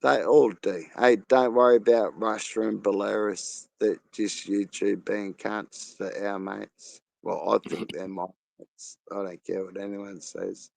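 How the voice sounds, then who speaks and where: Australian man, gravelly voice, slow drawl, crude rambling chat, dry sound. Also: on the low side, steady tone, darkish tone, no room sound. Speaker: live stream host. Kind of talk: casual live chat.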